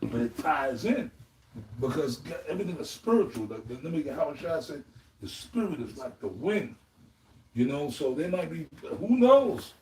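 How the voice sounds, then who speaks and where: A man speaks in a rambling, emotional way during an informal spiritual group talk, and he keeps tacking "man" onto his phrases. His voice sits a little high. He is picked up from a distance in a roomy, echoing space. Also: sing-song, normal speed, a little mellow. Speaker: elder in a religious group discussion. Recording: echoey room, distant mic, faint noise.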